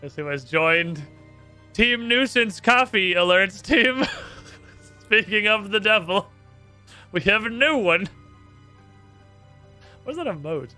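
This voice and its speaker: A man's voice: high voice, lively intonation, takes it slowly, pauses often, sharp tone, soft background music. A man streaming a video game, cursing and talking sarcastically to himself as he plays. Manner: profane, sarcastic, talks to himself. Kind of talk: live gameplay commentary.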